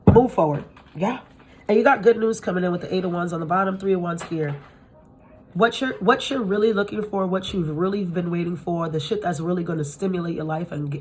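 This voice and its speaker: Blunt, low-voiced woman reading tarot cards. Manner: chatty and blunt, swears freely, laughs often. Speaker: tarot reader. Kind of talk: casual tarot reading to viewers. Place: at home with pets nearby.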